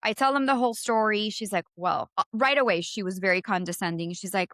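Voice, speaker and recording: A woman in her thirties with an accent, co-hosting a podcast and telling a story in casual chat, animated and profane, acting out both sides of phone calls. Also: mid-range voice, quick pace, hardly any pauses, no room sound, studio quality. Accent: non-native English. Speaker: podcast co-host.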